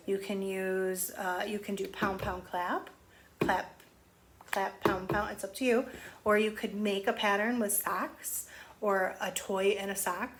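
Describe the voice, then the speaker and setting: Against a noisy background, a woman with a mid-range voice counts slowly for young children in a remote lesson, sounding gentle, sing-song and encouraging.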